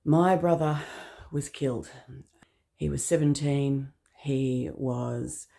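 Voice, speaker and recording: A woman in her fifties with an Australian accent, telling a personal story in an earnest, measured way. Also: very deep voice, creaky. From England. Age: 50s. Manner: earnest, measured, dropping quiet at grave moments. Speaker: speaker.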